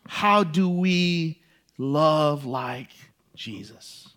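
High-voiced preaching man. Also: extremely slow, fairly bright tone. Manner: storytelling, builds to impassioned emphasis. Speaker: pastor. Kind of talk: sermon.

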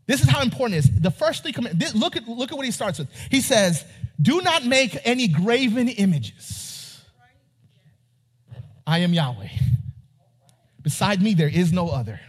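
A man preaching a sermon, reading scripture and asking his congregation questions, rising at times to near-shouting. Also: high-pitched, big pitch swings, normal speed, pauses often, breathy edge. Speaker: pastor.

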